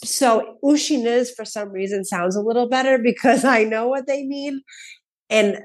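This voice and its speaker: A woman's voice: on the high side, normal speed. A comedian in her thirties, a woman, telling casual stories as a podcast guest, acting out quotes and laughing often. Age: 30s. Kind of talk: casual storytelling chat.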